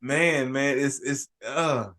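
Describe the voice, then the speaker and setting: A man hosting a casual sports podcast, telling an animated, ranting story with frequent restarts and shouted emphasis. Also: mid-range voice, takes it slowly. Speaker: podcast host.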